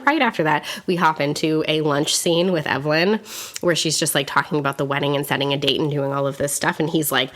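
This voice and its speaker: A young woman casually recapping a film on a podcast, swearing freely and acting out the characters' lines in quick asides. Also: low-pitched, steady tone, a bit bright. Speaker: podcast co-host.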